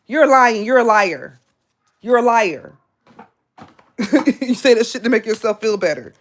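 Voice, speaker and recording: A woman delivers a live tarot reading as a scolding monologue. Her voice sits on the high side, and she is blunt and profane, hammering the same lines again and again. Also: lively intonation, measured pace, pauses often. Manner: repetitive, confrontational. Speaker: tarot reader.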